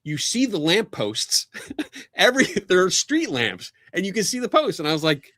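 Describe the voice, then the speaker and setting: A man hosting a podcast, telling a casual anecdote, animated and laughing often, acting out other people's lines. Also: high voice, normal speed, dry recording. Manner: animated storyteller, laughs often, acts out quotes. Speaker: podcast host.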